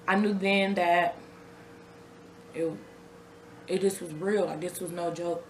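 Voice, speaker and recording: A woman's voice: lowish voice, flat delivery, a little slow, long pauses, echoey room, slight background noise. A young woman recounting a personal story to her viewers in a casual, conversational way, often repeating herself. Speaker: vlogger telling her own story. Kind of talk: raw personal storytelling to camera.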